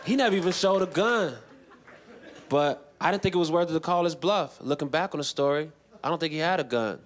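A man in his late twenties performs stand-up into a handheld mic on a big festival stage. His voice sits fairly high for a man, and his delivery is dry and deadpan, with sudden jumps into loud shouting. The pace is unhurried. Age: 20s. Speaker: stand-up comedian. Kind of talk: stand-up comedy set. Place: large festival stage with a laughing audience.

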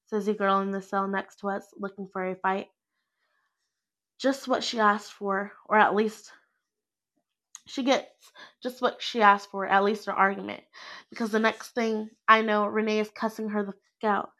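A woman's voice: medium pitch, little pitch movement, moderate pace, fairly bright tone. Young woman reading a story aloud. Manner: laughs often, breaks off to comment. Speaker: reader.

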